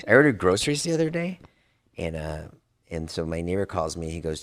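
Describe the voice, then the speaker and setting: A man's voice: low-pitched, a little fast, creaky. A man in his forties co-hosting a casual podcast, telling stories with many restarts and acting out what his neighbors said. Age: 40s. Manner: animated, stammering storyteller who acts out neighbors' lines. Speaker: podcast co-host. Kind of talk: casual storytelling chat.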